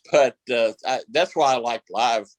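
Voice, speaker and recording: A man's voice: mid-range voice, slow, no echo, poor audio. A male actor guest telling stories in a casual interview, rambling with lots of fillers and restarts.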